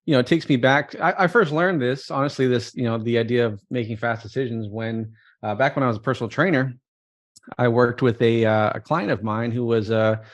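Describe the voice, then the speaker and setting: A man who is the guest entrepreneur on a podcast, talking casually and packing his sentences with fillers. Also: medium pitch. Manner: fast-talking, full of fillers like "you know". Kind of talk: casual interview chat.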